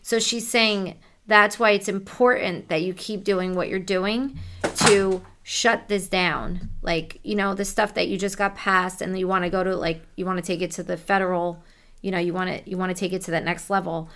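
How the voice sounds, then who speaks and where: A woman working as a psychic medium, softly relaying messages during a reading in a casual, conversational way. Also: fairly low pitch, fairly even intonation, moderate pace.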